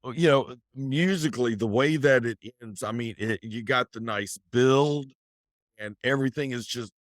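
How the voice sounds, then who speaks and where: A man co-hosting a casual podcast chat, halting and restarting often as he talks over a beer. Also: mid-range voice, no room sound, studio quality. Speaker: podcast co-host, a guest.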